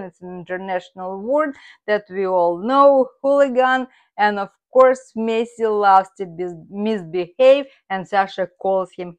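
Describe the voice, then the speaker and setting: Woman, language teacher, unhurried and careful, steady middle pitch. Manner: slow, careful explanations. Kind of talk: explaining words.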